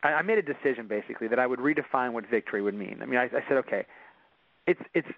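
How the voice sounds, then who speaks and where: A man's voice: mid-range voice, very fast, vocal fry, dry recording. Guy telling his story, keeps restarting, sounds dull and dry like an old radio clip. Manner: earnest, with many restarts. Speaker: guest. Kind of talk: personal storytelling in conversation.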